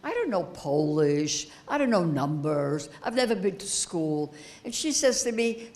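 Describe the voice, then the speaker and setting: A woman in her eighties giving a personal testimony as keynote speaker, slow and halting, repeating phrases as she grows emotional. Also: lowish voice, very animated, darkish tone. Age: 80s. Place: high school event hall.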